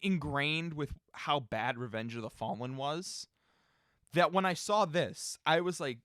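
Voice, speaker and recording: A young man co-hosting a casual film review, joking and rambling with quick restarts. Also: on the high side, a bit bright, no echo, studio quality. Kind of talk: casual riffing commentary.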